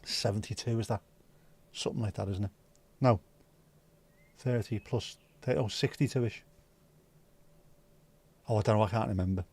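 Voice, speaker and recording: A man's voice: lowish voice, moderate pace, long pauses, a little mellow, husky. A man hosting a casual livestream, chatting loosely, swearing and rambling as he reads viewer comments. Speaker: livestream host.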